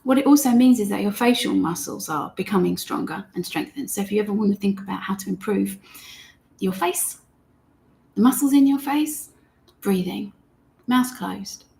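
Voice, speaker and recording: A woman teaching meditation in a gentle, chatty way, talking straight to her viewers and reading their comments aloud. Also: mid-range voice, normal speed, creaky. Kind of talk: live-streamed guided meditation lesson.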